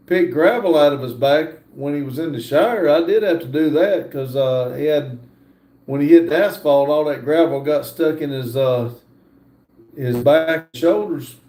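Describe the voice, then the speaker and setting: An older man hosting a livestream, reading viewer comments aloud and answering in a relaxed, casual way. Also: fairly high pitch, echoey room. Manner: slow, laid-back reading of comments aloud. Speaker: livestream host reading chat.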